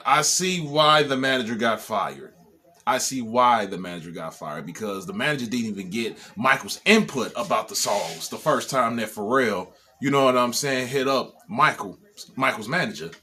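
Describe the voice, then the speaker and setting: Male co-host, bright tone, casual, agrees and riffs. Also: mid-range voice, breathy edge. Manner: agreeing, chiming in. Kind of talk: casual chat.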